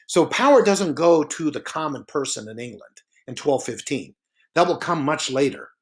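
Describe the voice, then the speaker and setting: Man lecturing over slides with many pauses. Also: a little high. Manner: relaxed and explanatory, with frequent "uh" fillers.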